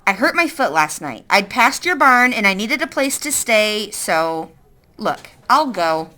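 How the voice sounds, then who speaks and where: A woman's voice: medium pitch, sing-song, a little slow, bright, forceful tone. A woman voicing a frightened, injured young boy who stammers defensively in a read-aloud children's story. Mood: nervous.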